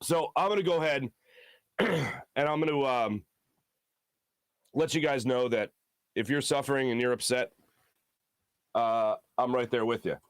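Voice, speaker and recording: A man hosting a sports talk show, speaking hoarsely in an earnest, halting way from a studio. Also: mid-range voice, no echo.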